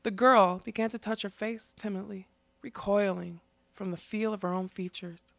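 Lady reading a fantasy book aloud, dry close sound, steady. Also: mid-range voice, normal speed, creaky, no echo. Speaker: audiobook narrator. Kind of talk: scripted storybook narration.

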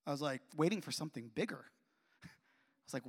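Man, 40s, preacher; high voice, animated storytelling, long hall reverb. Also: fast talker, pauses often, husky. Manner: animated, with repeated restarts and acted-out dialogue. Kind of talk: personal storytelling sermon.

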